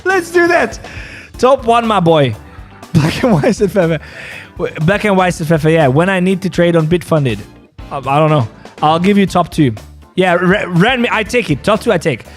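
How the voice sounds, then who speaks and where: A man's voice: sits high, expressive, normal speed, soft background music. Joking male crypto stream host. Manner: joking, laughing, repeats phrases. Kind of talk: casual livestream chat and market analysis.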